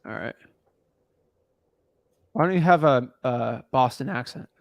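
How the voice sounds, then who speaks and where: A man's voice: mid-range voice, measured pace, creaky, no room sound, lo-fi sound. A man coaching a newcomer on real estate wholesaling in a casual, blunt, slangy way.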